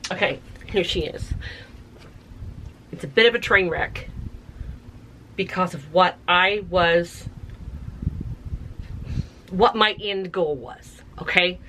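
A woman with a lowish voice talks slowly and casually as she works through a tie-dye project at home. She thinks aloud and gets excited, and a faint noise sits under the recording. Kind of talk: casual craft tutorial.

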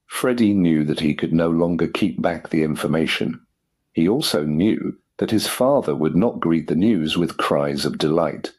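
A man narrates an audiobook in a deep, low voice with a husky grain. His delivery is measured and steady, paced for a learner to follow.

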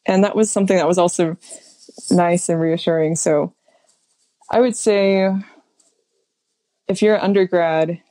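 A young woman guesting on a podcast, her voice a little low and close to the mic in a dry room. She tells stories casually, laughs a lot and slips in quoted asides. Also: fairly even intonation, unhurried, pauses often, dark tone, dry recording.

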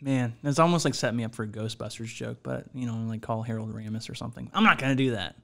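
A man's voice: medium pitch, fast talker, gravelly, sharp tone. A man co-hosting a podcast, joking around with his friend in casual banter and using plenty of filler words. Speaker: podcast co-host.

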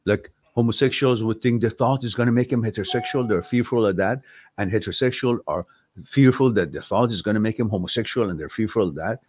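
A man's voice: fairly low pitch, quick pace, no room sound. A man hosting a live-stream Q&A, talking bluntly and heatedly, firing off rhetorical questions and swearing when riled. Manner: rhetorical questions, animated delivery. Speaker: live stream host answering viewer questions.

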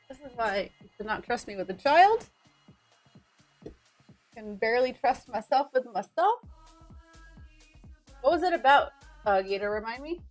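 Young female streamer, giggly casual banter with viewers, slightly high voice, soft music underneath. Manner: bubbly, giggly, greets viewers by name. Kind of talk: casual live-stream chat. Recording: with faint music behind.

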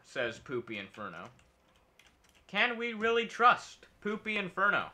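Bright-voiced goofy male streamer. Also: mid-range voice, big pitch swings, unhurried. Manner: silly, rambling, talks to himself and enemies, nonsense noises. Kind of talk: casual gameplay commentary.

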